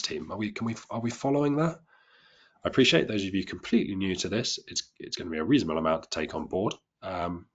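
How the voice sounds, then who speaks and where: A man's voice: low voice, fairly bright tone, breathy edge. A man teaching a trading lesson to a live class, chatty and self-deprecating, often restarting and repeating words as he explains. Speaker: trading instructor.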